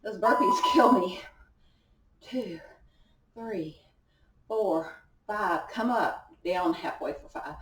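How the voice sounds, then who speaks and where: A young fitness instructor talks through a home workout in a medium-pitched voice, going slowly with many pauses. She exercises along and keeps the encouragement coming. The indoor recording, made on a distant camera mic, is echoey and has a little hiss or hum.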